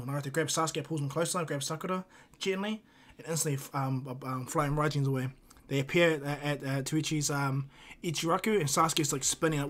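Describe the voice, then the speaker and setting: A man's voice: fairly high pitch, fairly even intonation, quick pace, a bit bright, faint music behind. A man improvising a fan-fiction story, rambling with many fillers and restarts.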